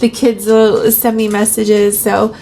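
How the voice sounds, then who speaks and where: A woman's voice: mid-range voice, flat delivery, slow, warm tone, a little hiss or hum. A woman who teaches, telling a personal story casually on her vlog and retelling conversations in her own voice.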